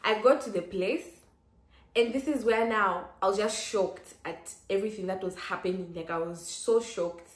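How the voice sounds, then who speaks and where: A young woman vlogger telling a personal story in a chatty, lively way, with lots of "like" fillers and sudden exclamations. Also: mid-range voice, normal speed. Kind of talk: casual storytelling. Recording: roomy echo.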